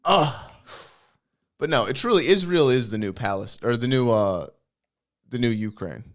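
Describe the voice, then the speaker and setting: A man co-hosting a comedy podcast, riffing crudely and fast in casual chat. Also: medium pitch. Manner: crude, animated, rapid riffing with put-on voices. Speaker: podcast co-host.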